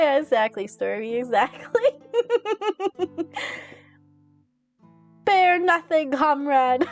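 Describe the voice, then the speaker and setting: Giggly high-voiced young woman streamer. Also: darkish tone. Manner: giggly, laughs constantly. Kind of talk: casual chat with viewers.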